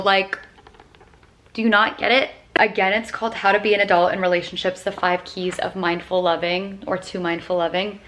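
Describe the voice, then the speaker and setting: A young woman in her twenties chatting casually to her phone camera for a vlog. She is bubbly and excitable, drops in plenty of casual fillers, and reads book passages aloud in a calmer voice. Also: mid-range voice. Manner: bubbly and excitable, heavy on filler words like "dude" and "like". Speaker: lifestyle vlogger.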